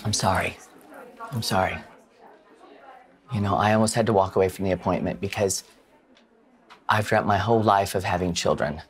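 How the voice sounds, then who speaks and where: A middle-aged man with a low-pitched voice speaks at a moderate pace with fairly even intonation, pausing often. Working as a bridal consultant on a reality TV show, he gives commentary and consultation earnestly and emotionally, stammering and restarting, with music in the background.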